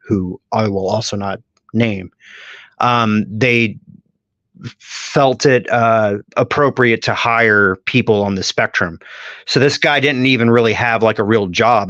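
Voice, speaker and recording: A man's voice: lowish voice, fairly bright tone, no room sound. A man on a casual podcast, telling long profane stories in a rambling way. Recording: dull lo-fi audio.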